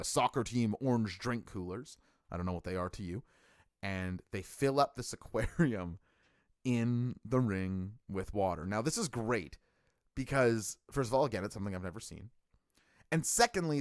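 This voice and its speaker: A man's voice: on the low side, fairly bright tone, no room sound, studio quality. A middle-aged man hosting a live stream, reviewing a show in an enthusiastic, rambling way with lots of fillers and restarts. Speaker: wrestling stream host.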